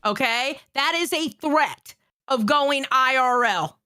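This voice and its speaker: A woman's voice: sits high, slow, pushed and bright, clear, resonant tone, no room sound, studio quality. A woman co-hosting a live stream, chatting bluntly about online drama and swearing freely as she makes her points. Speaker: stream co-host. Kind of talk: casual drama-commentary chat.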